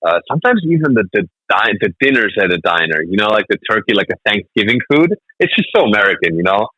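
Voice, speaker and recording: Comedian guest, male, 30s; quick, punchy, animated storyteller. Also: on the low side, husky, no echo, low-quality recording. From Germany. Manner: animated storytelling, laughs often. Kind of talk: casual interview chat.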